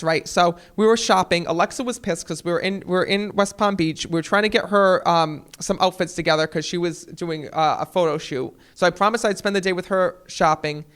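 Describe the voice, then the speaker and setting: A man chatting as an interview guest, telling stories in an animated way. He talks fast in a fairly high voice, and his words tumble over each other. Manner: animated, acts out quotes in voices. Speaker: guest, TV psychic. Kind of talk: casual storytelling in an interview.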